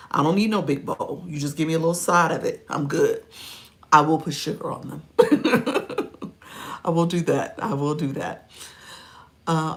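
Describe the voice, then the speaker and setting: A middle-aged woman hosting a livestream, chatting playfully with viewers and laughing often between remarks. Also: lowish voice. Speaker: livestream host and coach. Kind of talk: casual livestream chat, reacting to viewer comments.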